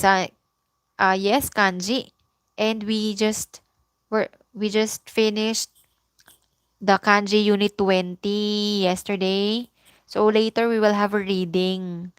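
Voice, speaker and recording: A woman with a Filipino accent teaching a live online Japanese lesson. She explains slowly and repeats the example phrases, now and then slipping into Tagalog. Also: medium pitch, clear, resonant tone.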